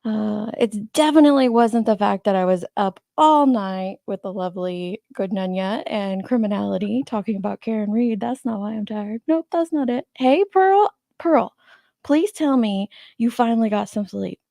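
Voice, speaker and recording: Sleepy woman host with a gravelly voice. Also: mid-range voice, moderate pace, few pauses, dark tone, no echo, clean studio sound. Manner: chatty, greets viewers by name, laughs often. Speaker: livestream host. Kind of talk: casual chat with live chat viewers.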